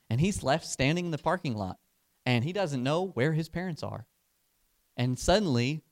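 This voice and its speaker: Man preaching with lively storytelling. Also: fairly high pitch, clear, resonant tone. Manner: animated, building excitement in the story; slows down and softens for emphasis. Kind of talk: sermon with storytelling.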